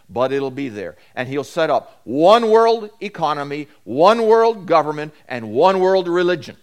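A male pastor delivers a sermon in a voice of middling pitch. He shifts between forceful declarations and softer, quicker asides, and he often repeats a phrase for weight. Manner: emphatic preaching, swinging between loud declarations and low asides; repeats key phrases for emphasis.

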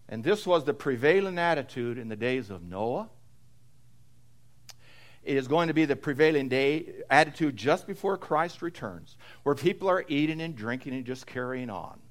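A man preaching an expository sermon, swinging between loud emphatic stress and low, quiet passages, often repeating phrases for weight. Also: big pitch swings, normal speed.

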